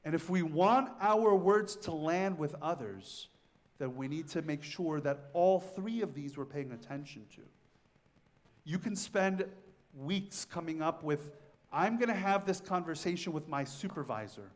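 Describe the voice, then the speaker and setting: A man's voice: on the high side, expressive, a little slow. A middle-aged man, a priest, giving a conversational sermon and telling stories with shifting emphasis. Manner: conversational, storytelling with varied emphasis.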